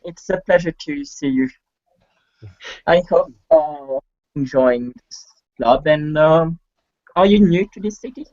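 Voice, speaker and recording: A man voicing a gracious, elegant woman vampire hostess who speaks in a measured way, in a dull lo-fi recording. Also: a little high, darkish tone.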